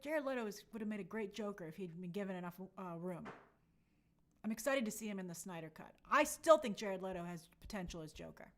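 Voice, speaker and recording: A woman's voice: mid-range voice, fairly bright tone. A woman hosting a casual live stream, reading viewer comments aloud and reacting in an upbeat, chatty way. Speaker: livestream host reading chat.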